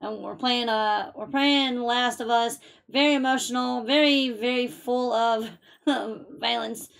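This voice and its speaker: A woman's voice: on the high side, fairly even intonation, unhurried, gravelly, fairly bright tone. A woman streaming a game live, chatty and gushing, thanking viewers emotionally. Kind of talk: live gaming stream commentary.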